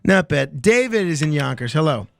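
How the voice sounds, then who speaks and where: Gravelly-voiced radio host telling jokes. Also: male voice, fairly high pitch, sing-song, moderate pace, no echo, studio quality. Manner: chatty storyteller, chuckles at callers' jokes. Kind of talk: late-night call-in radio, telling jokes.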